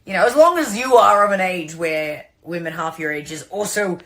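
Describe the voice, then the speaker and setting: A woman's voice: fairly low pitch, expressive, moderate pace, fairly bright tone. A young adult woman with an Australian accent, sending a playful and sincere recorded message with many fillers and restarts.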